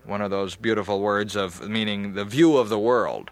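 A man's voice: mid-range voice, normal speed, hardly any pauses, no echo. Casting: male accent-acting instructor, plain explanatory delivery, dry close recording. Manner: demonstrates accents mid-explanation.

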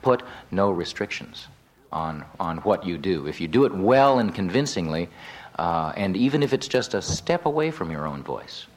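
A man's voice: low voice, sing-song, normal speed. A man advising on building character voices, listing small changes. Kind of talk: advising on technique.

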